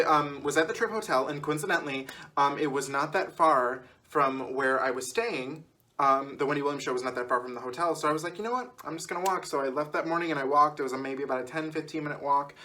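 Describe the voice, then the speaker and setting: A man's voice: mid-range voice, pushed and bright. A man in his twenties chatting casually as a vlogger, rambling through an anecdote and laughing often. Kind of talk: casual storytelling.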